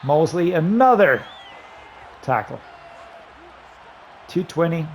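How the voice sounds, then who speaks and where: A man giving running commentary while playing a football video game, excitedly talking through his play calls to himself. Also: fairly high pitch, slow, a faint crowd, slight background noise. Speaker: gaming YouTuber. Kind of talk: live gameplay commentary.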